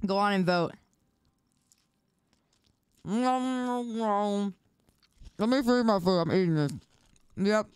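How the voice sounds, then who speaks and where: A woman's voice: medium pitch, very slow, pauses often, darkish tone, clear, resonant tone, no echo. A young woman streaming live, chatting playfully and teasing her viewers while she eats. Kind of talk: casual live-stream chat.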